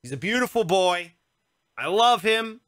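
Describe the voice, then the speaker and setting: A man in his thirties spins a comic story on a casual podcast and jumps into the voices of everyone involved. His voice sits high and bright, and his pitch leaps all over the place. The sound is close and dry, with no room around it. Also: measured pace, no echo. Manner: animated, acts out voices in his anecdotes. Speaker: podcast co-host.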